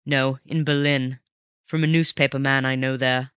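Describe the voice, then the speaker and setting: A reader voicing a cool, mocking gentleman thief who talks low and forcefully, in an audiobook reading. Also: little pitch movement, normal speed, clear, resonant tone, no echo, lightly acted. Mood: wry. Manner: snarling and teasing by turns.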